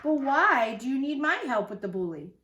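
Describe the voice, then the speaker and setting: A woman voicing an excitable young male kitten who thinks he is a little dog, in a picture-book reading. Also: high voice, normal speed, reverberant, highs cut off, pitched above the performer's own voice. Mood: curious. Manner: bouncy, playful.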